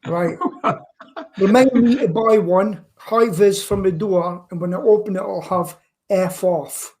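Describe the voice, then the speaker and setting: A man's voice: sits high, unhurried, darkish tone. A man with a Scottish accent, a guest chatting on a live-stream talk show, cracking jokes and telling stories. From Scotland. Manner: joking, chatty storyteller. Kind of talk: casual chat.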